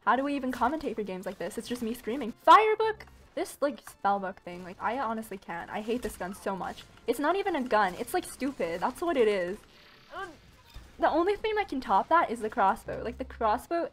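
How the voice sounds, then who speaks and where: A woman giving live gameplay commentary at home, excitable, shrieking and exclaiming and making gun noises as she plays. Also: a little high. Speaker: gaming YouTuber.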